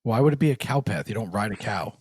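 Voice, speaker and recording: A man's voice: fairly low pitch, expressive, fast, a little mellow, a little hiss or hum. A man in casual podcast chat, blunt and contrary. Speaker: podcast co-host.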